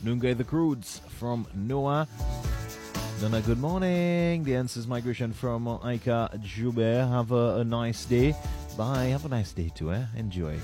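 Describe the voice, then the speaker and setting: A man's voice: medium pitch, unhurried. A man hosting a kids' segment on radio, chatting casually and playfully as he switches between languages to greet callers. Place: radio studio. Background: music.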